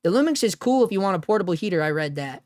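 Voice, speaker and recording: A man's voice: sits high, animated, racing, a little mellow, no room sound, studio quality. A man hosting a casual live stream at home, rambling, joking and often laughing at himself while reading chat. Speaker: livestream host.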